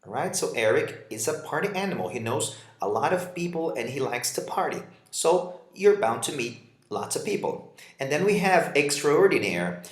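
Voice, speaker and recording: A man teaching an English lesson, Portuguese his first language, his pitch rising and falling a lot as he acts out example lines. The sound is roomy, with a clear echo. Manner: reads example dialogues and explains them, switching to Portuguese for translations. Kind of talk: vocabulary lesson.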